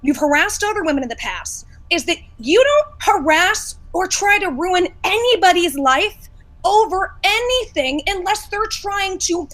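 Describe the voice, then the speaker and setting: High, bright woman ranting furiously. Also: expressive, a little slow. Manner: profane, shouting, combative. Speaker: guest in a livestream debate. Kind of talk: heated call-out rant.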